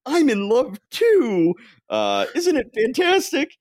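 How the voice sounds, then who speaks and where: A man's voice: extremely high pitch, big pitch swings, takes it slowly, darkish tone, dry recording, studio quality, pitched above the performer's own voice, full character voice. A man voicing a boastful, hammy male thunder-god hero in a comic-book recap. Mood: giddy. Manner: hammy, exclaiming.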